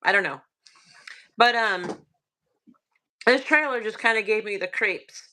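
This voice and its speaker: Bright-voiced Southern woman telling a spooky story. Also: mid-range voice. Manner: hushed, halting, many fillers. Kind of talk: casual storytelling.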